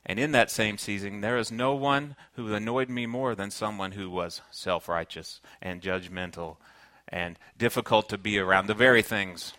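This Southern-accented man is a pastor from Kentucky, United States, whose lowish, sharp voice moves at a moderate pace on a dry recording. His sermon is earnest and conversational, threaded with personal stories.

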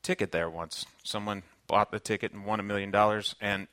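A man's voice: lowish voice, fairly even intonation, a little fast, bright, forceful tone, dry recording. A man from Kentucky with a Southern accent, preaching a sermon in an earnest, conversational way and weaving in personal stories. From Kentucky, United States. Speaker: pastor.

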